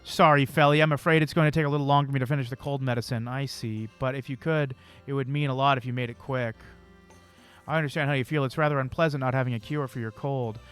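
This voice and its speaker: A young man streaming a game playthrough, reading the characters' dialogue aloud and breaking off now and then with crude, excited outbursts. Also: mid-range voice, quick pace, smooth, soft background music. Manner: reads the lines of several characters aloud, with sudden swearing outbursts.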